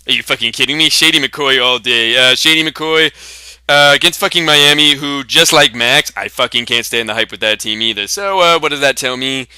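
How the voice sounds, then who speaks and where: A man's voice: mid-range voice, moderate pace, sharp tone, clean tone, dry recording, clean studio sound. A young man hosting a comedy sketch, brashly boasting and swearing through profane trash talk.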